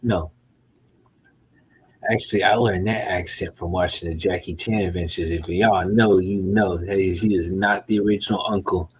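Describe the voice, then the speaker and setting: A man's voice: deep voice, fairly even intonation, normal speed, dull audio, a little hiss or hum. A middle-aged man, a guitar maker, rambling casually and profanely to himself in a behind-the-scenes vlog.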